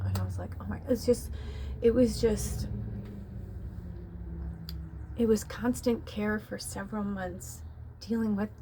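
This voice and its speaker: A woman's voice: medium pitch, noisy background. A woman who works as a spiritual medium, talking casually and emotionally about her life in a rambling, confessional way, swearing now and then and sometimes dropping to a whisper. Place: tiny home.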